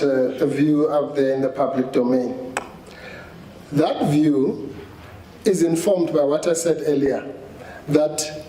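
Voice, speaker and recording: Advocate arguing in court. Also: male voice, on the high side, dark tone. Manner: hesitant restarts, then firm assertive points. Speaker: counsel arguing before the court. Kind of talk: courtroom legal argument. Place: large courtroom. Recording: roomy courtroom echo, faint hiss.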